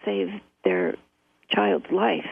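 Husky gravelly woman on a phone line. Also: fairly low pitch, big pitch swings, drawn-out words. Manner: earnest storytelling with frequent fillers. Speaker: guest.

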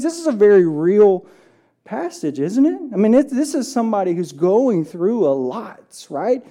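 A pastor preaching a church sermon in a casual, conversational way, often checking in with the congregation and reading scripture slowly. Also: mid-range voice, sing-song, warm tone. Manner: reads scripture slowly and deliberately.

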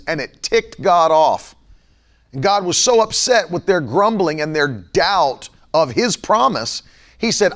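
Middle-aged male preacher, slightly high voice, gravelly, emphatic sermon delivery with repetition. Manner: emphatic, repeats key phrases, slows for stress.

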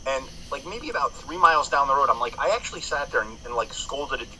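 A man's voice: mid-range voice, lively intonation, quick pace, pushed and bright, slight background noise, poor audio. A man in casual podcast chat, swearing freely and telling stories with frequent restarts. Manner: profane, rambling storyteller with many restarts.

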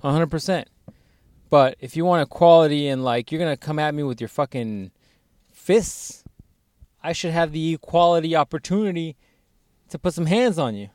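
A man's voice: fairly high pitch, animated, moderate pace, long pauses, a little mellow, dry recording, studio quality. A man co-hosting a podcast, talking crude casual banter full of profanity and acting out quoted voices. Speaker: podcast co-host.

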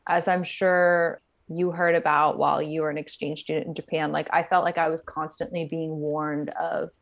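A woman's voice: sits low, level tone, moderate pace. A woman co-hosting a casual chat, reacting thoughtfully and sharing her own experience. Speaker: podcast co-host.

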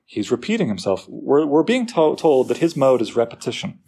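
A man lecturing on a poem, lively and full of rhetorical questions to his listeners. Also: medium pitch, normal speed, slightly rough. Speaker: literature teacher.

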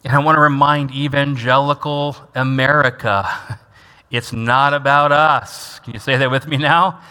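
Emphatic preacher man with a bright voice. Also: medium pitch, fairly even intonation, measured pace, clear, resonant tone. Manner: emphatic, repeats key lines and has the congregation echo them. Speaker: pastor. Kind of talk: sermon. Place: church sanctuary. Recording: long reverb of a large church hall.

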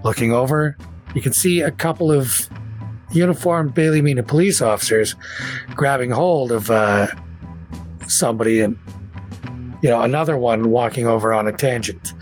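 A man runs a tabletop game, setting scenes in a relaxed, rambling way with plenty of fillers. His voice sits mid-range for a man. Soft music plays beneath him. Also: mid-range voice, moderate pace, pauses often. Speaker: game master.

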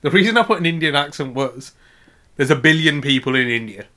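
A man's voice: fairly high pitch, lively intonation, a little fast. A man co-hosting a podcast, chatting casually and laughing often as he jokes. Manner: laughs often, playful, goes loud on jokes. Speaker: podcast co-host. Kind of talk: casual joking chat.

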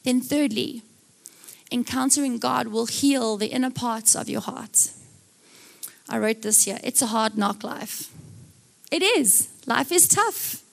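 A young South African woman preaches a live sermon, telling stories full of jokey asides and acting out different voices. Her voice sits on the high side and is gravelly, and she delivers it slowly with frequent pauses, animated throughout.

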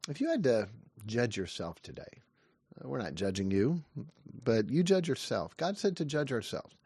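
A man in his fifties preaches earnestly, with rising questions and quick asides. His voice is dry and close, with a middle pitch. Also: sing-song, a little mellow, slightly rough, no room sound. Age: 50s. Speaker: pastor. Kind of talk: short devotional sermon.

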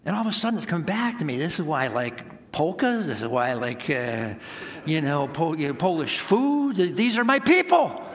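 Male pastor, about 60, animated storytelling sermon, fairly high voice, hall reverb. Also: moderate pace. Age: around 60. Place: church sanctuary.

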